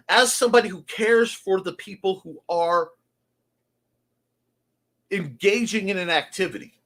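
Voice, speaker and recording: A man's voice: high voice, bright, forceful tone. A man hosting a creative morning show, talking earnestly and confessionally in a folksy way. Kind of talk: reflective monologue.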